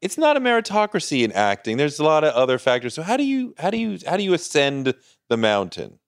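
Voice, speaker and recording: A middle-aged man hosting an interview podcast, asking questions in an enthusiastic, animated way. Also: fairly high pitch, fast, no echo, studio quality. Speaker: podcast host. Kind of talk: casual interview.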